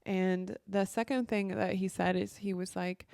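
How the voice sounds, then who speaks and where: A woman's voice: mid-range voice, steady tone, measured pace, creaky, few pauses, darkish tone, dry recording, studio quality. A young adult woman talking casually about her life, a spiritual coach who fills her talk with "like" and "you know.". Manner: chatty, heavy use of "like" and "you know". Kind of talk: casual monologue.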